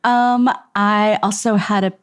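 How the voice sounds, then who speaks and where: A woman guesting on a music podcast, chatting in a relaxed, wry way. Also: mid-range voice, measured pace. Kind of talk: casual podcast chat.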